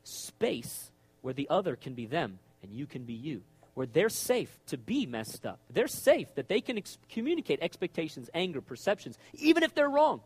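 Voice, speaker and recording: Middle-aged male pastor, emphatic preacher, high and lively voice. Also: moderate pace, hardly any pauses, slightly rough, dry recording. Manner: animated, emphatic, acts out quoted voices. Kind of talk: sermon.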